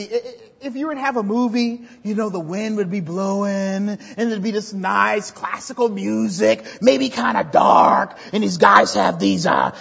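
Woman preacher, high voice, chatty and animated, lots of echo in a big church. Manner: animated, conversational, repeats words when emphasising. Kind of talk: sermon. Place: church sanctuary. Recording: dull echoey church hall recording.

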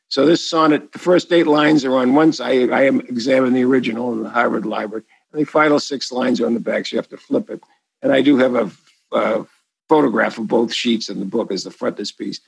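A man's voice: mid-range voice, creaky, breathy edge, dry recording, low-quality recording. A man with a Boston accent, an author answering an interview question in a rambling, enthusiastic way full of asides and restarts.

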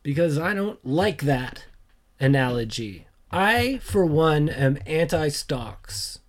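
A man's voice: on the high side, big pitch swings, takes it slowly. Man rambling through a joking podcast monologue. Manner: rambling, joking, self-deprecating; frequent fillers and trailing asides. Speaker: podcast host. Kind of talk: casual solo podcast monologue.

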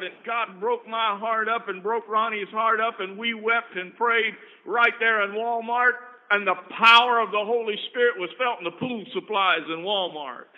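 Man, preacher, high voice, storytelling sermon, loud-to-hushed delivery, tinny phone-like sound. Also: fairly even intonation, moderate pace, few pauses. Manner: earnest anecdotes that swing from loud to hushed. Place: camp meeting service.

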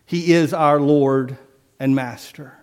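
A man preaching a sermon, telling stories with lively acted-out voices and dropping to a hush for solemn points. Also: a little high, slow, clear, resonant tone. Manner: animated storytelling, acts out voices, drops to a hush for solemn points.

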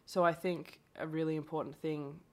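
A woman's voice: low-pitched, flat delivery, normal speed, darkish tone. A woman from Brazil whose first language is Portuguese, a guest chatting casually on a podcast and laughing often.

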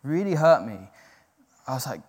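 A man's voice: medium pitch, very animated, moderate pace, darkish tone, husky. A man preaching a sermon in an earnest, self-deprecating way, acting out the doubting voices in his head. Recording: long hall reverb.

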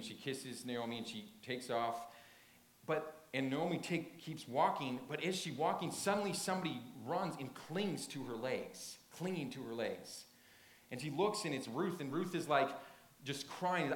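A man's voice: fairly high pitch, moderate pace, fairly bright tone. Earnest preacher man in an echoey room. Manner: earnest, emphatic storytelling with many restarts. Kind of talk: sermon. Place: church sanctuary. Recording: roomy echo.

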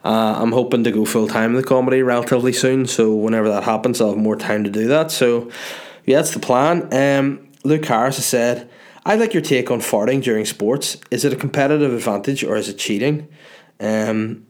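A man's voice: mid-range voice, fairly quick, darkish tone. A young man with a Northern Irish accent, a comedian chatting loosely and jokingly as he reads out viewer messages. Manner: loose and jokey, swearing, reads messages aloud. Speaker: comedian answering viewer questions. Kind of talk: casual chat.

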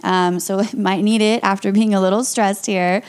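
A woman's voice: medium pitch, moderate pace, few pauses, clear, resonant tone. Woman, young adult, yoga instructor, podcast host, guided breathing, upbeat, encouraging, casual. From Las Vegas area. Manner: calm, upbeat and encouraging, with light laughs.

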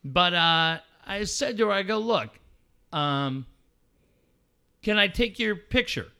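Animated, bright-voiced middle-aged man. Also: high-pitched, slow pace, creaky, smooth. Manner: animated storyteller acting out dialogue, swears freely. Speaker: radio co-host. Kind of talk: casual on-air banter.

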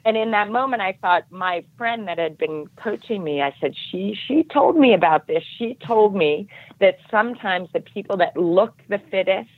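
A woman guest telling a self-deprecating story in casual talk, animated and acting out the voices of others. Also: medium pitch, moderate pace, dry recording. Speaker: podcast guest. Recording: muffled dull audio.

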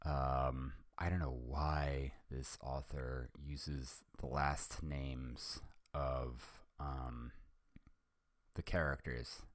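Very deep, slow hesitant male reader. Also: level tone, dry recording, clean studio sound. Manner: hesitant, many ums and self-corrections. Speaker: podcast host. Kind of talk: reading fan fiction aloud.

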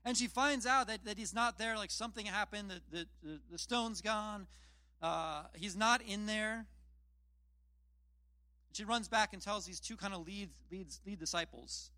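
A man's voice: sits high, a little slow, sharp tone, no echo. A man preaching a casual sermon, retelling scripture in plain, chatty storytelling with self-deprecating asides. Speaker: pastor.

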